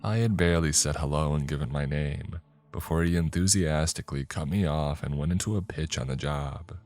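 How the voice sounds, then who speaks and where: Very deep-voiced man narrating horror. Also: a little mellow, dry recording. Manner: measured, first-person storytelling. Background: faint background music.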